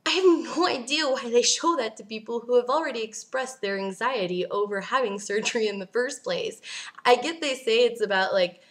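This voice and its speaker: A woman's voice: a little high, moderate pace. A young woman vlogging casually, ranting bluntly and sarcastically, swearing and laughing as she answers viewer questions.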